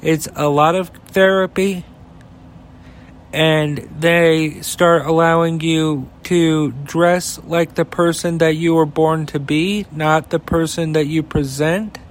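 A man's voice: fairly high pitch, steady tone, slow pace, slight background noise. A man, hosting a heated, profane opinion rant that rambles. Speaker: podcast host.

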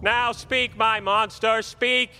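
A ranting mad film director villain. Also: male voice, high-pitched, little pitch movement, slow, noisy background. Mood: scheming. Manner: grandiose, theatrical ranting. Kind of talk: comedy audio drama.

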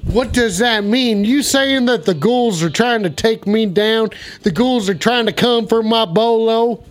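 A man with a notably high voice plays a rowdy, foul-mouthed cowboy host on a joke call-in show. He drawls, swears freely and breaks into whooping yells, with faint music somewhere in the background. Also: measured pace. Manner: rowdy, profane cowboy persona; bursts into whooping shouts. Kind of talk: improvised comedy bit.

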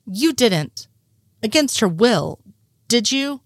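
A woman reading the lines of a nervous, innocent man, a little higher than her narration. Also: sing-song, takes it slowly, no echo, studio quality, exaggerated voice. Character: nervous, well-meaning male conspiracy nerd.

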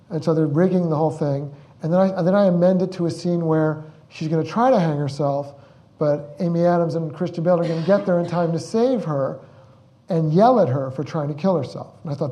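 A man's voice: a little high, brisk, mellow. A man, a film director, telling rambling stories at a Q&A. He restarts and repeats words and acts out the quotes he tells. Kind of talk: anecdotal storytelling at a Q&A.

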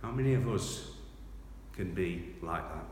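A man preaching a sermon, reading scripture aloud with loud dramatic emphasis and then dropping to quiet reflection. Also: sits low, a little slow, a little hiss or hum. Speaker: pastor. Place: large church hall. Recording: echoey hall from far off.

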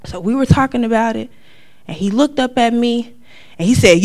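A middle-aged woman giving a church testimony in a casual, conversational way, acting out quotes with sudden high outbursts. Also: a little slow. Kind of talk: testimony talk.

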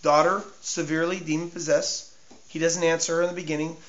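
Impassioned high-voiced preacher in an echoey room. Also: male voice, level tone, fast. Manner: impassioned, swinging from hushed to shouting; repeats and stumbles over words for emphasis. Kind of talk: sermon. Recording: echoey room, dull lo-fi sound.

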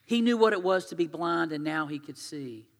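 A male pastor preaching in a conversational, storytelling way, swinging between loud emphasis and hushed asides. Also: fairly high pitch, expressive, moderate pace. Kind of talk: sermon. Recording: long hall reverb.

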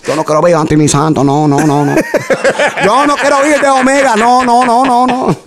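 A man's voice: very high-pitched, over a noisy crowd, pitched above the performer's own voice. A man voicing a strict immigrant mother who scolds in Spanish with a Dominican accent, in a comedic impression during casual chat. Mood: scolding. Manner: scolding, rapid, insistent.

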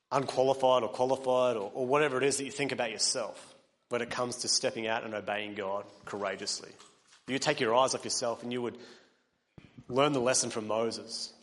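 A man preaching a sermon, earnest, building to emphatic peaks and then dropping quiet. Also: medium pitch, long reverb tail. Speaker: pastor.

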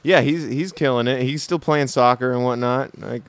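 A young man hosting a podcast, joking around in quick, riffing banter. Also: medium pitch, smooth, no room sound. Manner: jokey, riffing, quick asides. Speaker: podcast host.

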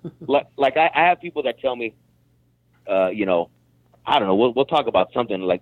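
A man's voice: lowish voice, expressive, fairly quick, dry recording. Blunt man on a tinny phone line. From Mexican-American background. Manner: blunt, repeats words when starting a thought. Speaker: guest. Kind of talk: casual podcast chat.

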